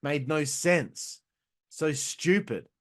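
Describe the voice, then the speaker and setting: A man hosting a wrestling review show with a slightly high voice. He rambles in a loose, sweary way and goes off on tangents. He laughs at his own jokes and then drifts back to the match. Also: animated, drawn-out words. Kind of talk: casual profane video review.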